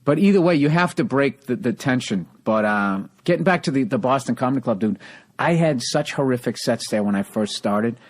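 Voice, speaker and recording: A man hosting a podcast as a comedian, telling profane stories in casual chat with quick restarts. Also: medium pitch, expressive, no room sound. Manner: profane, fast storytelling with restarts.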